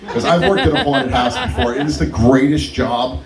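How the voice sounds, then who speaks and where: A man's voice: mid-range voice, moderate pace, a loud crowd. A young adult man doing stand-up at an open mic, telling stories and laughing through them. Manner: animated, laughs through his own stories. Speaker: stand-up comedian. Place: comedy club stage. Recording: roomy club sound, mic at a distance.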